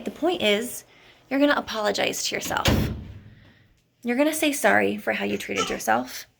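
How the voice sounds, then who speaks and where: Young children can be heard around this woman as she speaks to camera at home, offering sincere, encouraging self-help motivation and repeatedly asking "okay?". She later heads to a bathroom mirror. Her voice is high-ish and gravelly, with background noise present.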